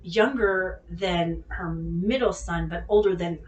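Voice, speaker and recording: A woman from the Bay Area, hosting a vlog and telling a casual, animated story with plenty of swearing, speaking straight to her viewers. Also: lowish voice, slow pace, a little hiss or hum. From California Bay Area. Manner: profane, animated, addresses viewers directly. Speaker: vlog host. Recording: echoey room, mic at a distance.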